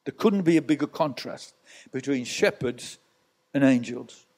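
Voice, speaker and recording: A man's voice: medium pitch, animated, a little slow, a little mellow, slightly rough. A male pastor preaching a sermon in church, telling stories with rhetorical asides to the congregation.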